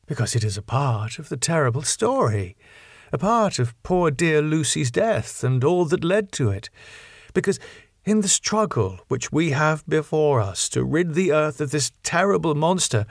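A man's voice: fairly high pitch, very animated, moderate pace, creaky, no echo, studio quality, pitched above the performer's own voice, heavily acted. A man voicing an earnest, resolute young woman. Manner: grave and appealing.

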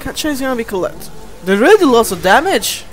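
A man giving let's play commentary, animated and easily exasperated, often addressing viewers as guys. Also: very high voice, brisk, soft background music. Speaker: gameplay commentator.

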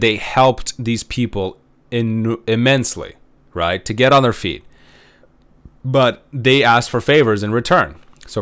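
A man's voice: lowish voice, fairly bright tone. A man giving a history lecture in a loose, conversational way, full of "um" and "right?" tag questions. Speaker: history professor. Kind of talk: recorded lecture.

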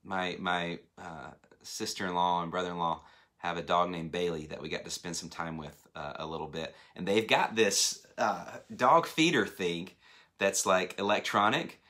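A man in his thirties preaching a sermon as a pastor, animated and acting out voices as he speaks. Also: sits low, normal speed. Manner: animated, acts out phone voices. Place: church hall.

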